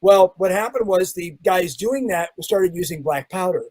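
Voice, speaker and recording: A man's voice: high-pitched, normal speed, noisy background. A man, a magician guest, telling a story in a casual chat and acting out the sounds and the people in it. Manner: animated, acts out sounds and quotes.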